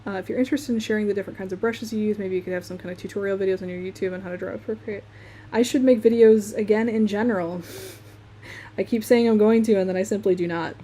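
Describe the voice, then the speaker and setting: Here the same chatty Michigan streamer, Midwestern accent and all, laughs freely while drawing live. Her mid-range voice runs fast and warm with fairly even intonation, and there's slight background noise.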